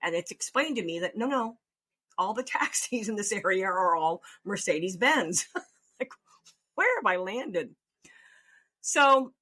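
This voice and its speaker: A woman casually telling a funny personal story, animated and laughing often as she acts out her own reactions. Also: mid-range voice, unhurried, long pauses. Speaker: storyteller host.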